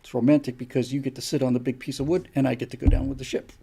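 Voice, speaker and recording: A man's voice: medium pitch, level tone, rapid-fire, creaky, background noise. An older man hosting a live stream, giving an opinion monologue in a lecturing way, firing off rhetorical questions.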